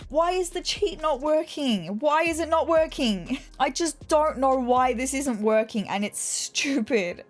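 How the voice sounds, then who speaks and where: A woman giving casual, chatty commentary while playing a video game, talking straight to her viewers and wearing her feelings openly. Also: high voice. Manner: chatty, addresses viewers directly, emotional, near tears at times.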